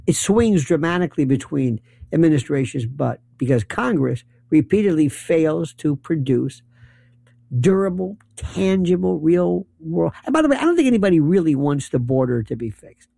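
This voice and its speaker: A man's voice: a little high, very animated, moderate pace, gravelly, warm tone, no echo. A man delivering a rambling, sarcastic political commentary monologue and running through long lists of issues. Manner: rambling, sarcastic, list-driven.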